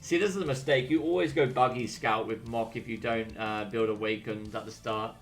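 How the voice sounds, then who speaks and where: A man's voice: medium pitch, steady tone, a little fast. A young English man streaming and casting a strategy game replay, chatty and full of slangy banter with his chat. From England. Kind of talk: casual replay commentary.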